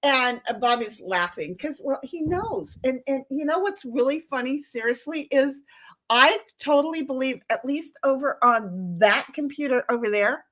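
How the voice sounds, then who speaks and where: A woman co-hosting a live stream, telling stories in a blunt, profane, animated way from home. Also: high voice, normal speed. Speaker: co-host of a live-stream talk show. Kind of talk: casual chat, storytelling. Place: home, at a computer.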